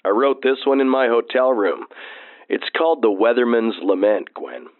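An actor playing a sentimental man who talks slowly and croons a corny song in a voicemail message. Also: medium pitch, expressive, slight background noise, close to an everyday voice. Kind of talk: voicemail with singing over guitar. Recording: tinny voicemail phone line. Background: acoustic guitar.

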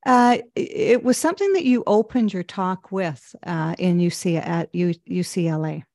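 Mellow-voiced woman host, dry sound. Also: lowish voice, moderate pace, vocal fry, no echo. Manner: encouraging, hesitant with fillers. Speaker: podcast host. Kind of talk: interview conversation.

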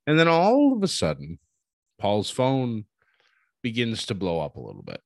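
A man hosting a casual recap of a wrestling show, telling it as an animated story, chuckling often and acting out what people said. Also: lowish voice, normal speed, vocal fry, pauses often, dry recording.

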